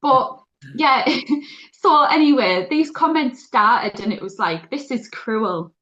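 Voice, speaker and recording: A woman's voice: on the high side, takes it slowly, highs cut off, slight background noise. Laughing woman telling a story. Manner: animated storytelling, laughs often. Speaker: podcast co-host. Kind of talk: casual chat.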